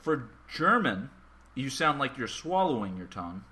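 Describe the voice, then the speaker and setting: A man's voice: medium pitch, sing-song, moderate pace, sharp tone. A young man hosting a casual comedy podcast, joking and self-mocking, with the odd stutter. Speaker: podcast host.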